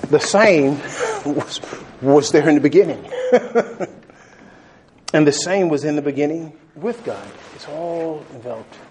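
A man preaching a sermon, animated, laughing often and repeating phrases for emphasis. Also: on the high side, a little slow, slight background noise.

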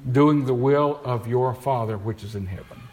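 A man's voice: medium pitch, normal speed, darkish tone. Man preaching in a reverberant church. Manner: preaching with rhetorical questions, reading scripture aloud. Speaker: pastor. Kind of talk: sermon. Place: church sanctuary. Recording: live church sound with long reverb.

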